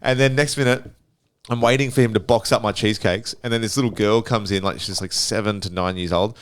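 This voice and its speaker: A man's voice: fairly low pitch, fairly even intonation, fairly quick, clear, resonant tone. A young Australian man hosting a casual podcast, telling rambling stories full of "like" and swearing. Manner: rambling storyteller, swears freely, says "like" often. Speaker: podcast host.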